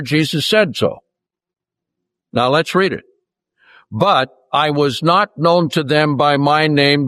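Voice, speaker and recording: A man's voice: on the high side, fairly bright tone, no room sound. Dry-voiced male preacher teaching from scripture. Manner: reads scripture aloud, slows down to stress key words. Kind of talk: Bible teaching sermon.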